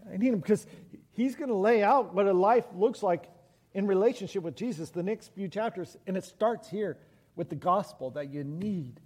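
A man's voice: high voice, moderate pace, a little mellow, husky. A man preaching a sermon as pastor, earnest and building to impassioned pleading before leading a prayer. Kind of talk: sermon with altar call and prayer. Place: church sanctuary. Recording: long church reverb.

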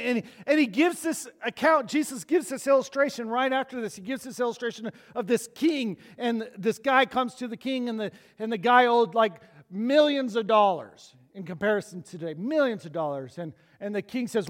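A pastor with a high voice preaches in a church, lively and animated, slipping into the voices of the people he quotes. He breaks into chuckling asides to the congregation. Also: normal speed, big-room sound. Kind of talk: sermon.

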